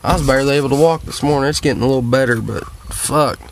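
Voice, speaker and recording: A man's voice: medium pitch, quick pace, vocal fry, slight background noise. Tired, cussing man rambling to viewers. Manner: profane, drawling and meandering, full of fillers. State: worn out and tired. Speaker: vlogger. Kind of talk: rambling casual monologue to viewers. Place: at home, sitting.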